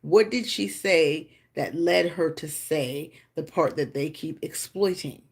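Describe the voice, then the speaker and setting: A woman hosting a casual livestream. She rambles and chats, greets viewers by name, and often jumps into high, loud exclamations. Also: takes it slowly, breathy edge. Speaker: livestream host.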